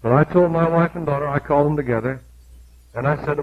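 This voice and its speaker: Gravelly older preacher on old tape. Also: male voice, fairly high pitch, a little hiss or hum. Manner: reads scripture in measured, emphatic rhythm. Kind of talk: sermon. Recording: dull lo-fi sermon tape.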